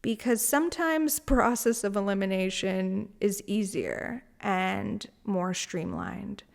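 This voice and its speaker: A woman's voice: medium pitch, sing-song, takes it slowly, vocal fry. A woman hosting a solo spiritual podcast, talking in a candid, rambling way with frequent laughs and casual swearing. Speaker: podcast host.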